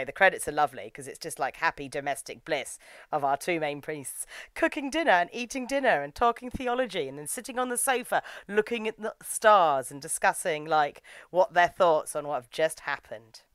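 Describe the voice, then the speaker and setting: A woman casually recapping an anime episode, animated and acting out the characters' lines as she tells it. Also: low voice, fairly quick, dry recording. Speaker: podcast co-host reviewing anime.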